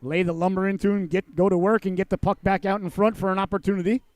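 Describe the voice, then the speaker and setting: A man calling a youth hockey game play by play, folksy and joking, who breaks into shouts on big plays. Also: high-pitched, flat delivery, quick pace, dry recording. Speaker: play-by-play commentator.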